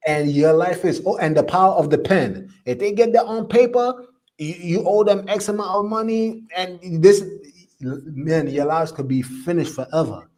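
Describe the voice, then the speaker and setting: A man hosts a live commentary stream, reading viewer comments aloud. He talks in an emphatic, preachy way and repeats phrases for stress. His voice sits a little high for a man. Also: moderate pace, a little mellow.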